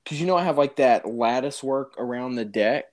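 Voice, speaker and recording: A man telling a funny personal story in casual chat, animated and often laughing, calling the listener dude. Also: medium pitch, normal speed.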